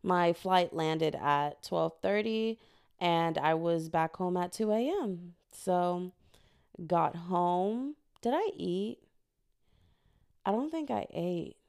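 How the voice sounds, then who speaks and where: A young American woman hosts a solo podcast, telling stories in a chatty, animated, foul-mouthed way. Her voice sits low with a gravelly fry, yet it stays smooth and resonant. The recording is dry and close. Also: slow, dry recording. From United States. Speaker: podcast host. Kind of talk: casual solo podcast storytelling.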